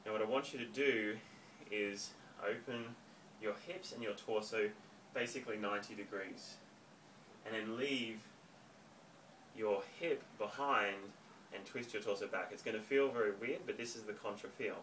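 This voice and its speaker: A man teaching a home dance lesson, counting beats and giving clear step-by-step instructions. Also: on the low side, normal speed, a bit bright. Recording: distant mic, faint room noise.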